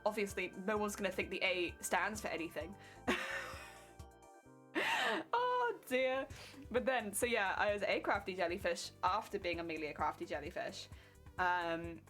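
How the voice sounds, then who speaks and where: Chatty young English woman streaming her crafting, medium pitch, faint music behind. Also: fairly bright tone. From England. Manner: chatty, giggly, rambling with many fillers. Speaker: cosplay streamer. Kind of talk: casual live-stream chat while crafting.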